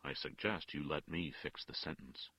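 A man's voice: rumbling low, moderate pace, slightly rough, no echo, highs cut off. An actor voicing a stern older male judge who speaks in an implacable, disagreeable way with a grating voice. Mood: curt. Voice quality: grating, harsh.

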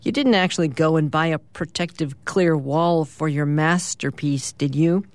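A radio host reading a comic strip aloud, voicing a brisk suburban wife and mother with a pointed, no-nonsense manner. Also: medium pitch, dry recording, natural voice.

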